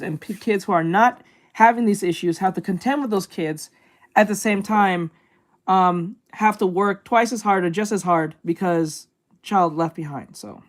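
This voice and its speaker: Woman reacting to a clip, blunt, swears a lot, rambles and restarts sentences. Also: on the low side. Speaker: reaction channel host. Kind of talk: casual reaction commentary.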